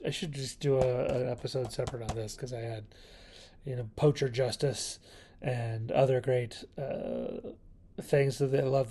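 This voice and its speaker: A man talks through his thoughts as a video host in a loose, rambling review, stopping to correct himself and chuckling along the way. His voice has a gravelly fry at mid pitch. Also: mellow. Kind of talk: casual review monologue.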